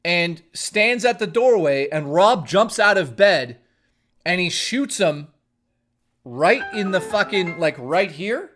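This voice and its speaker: Higher-voiced man, rambling storyteller. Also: a bit bright. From Toronto, Canada. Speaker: live streamer. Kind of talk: casual live-stream storytelling.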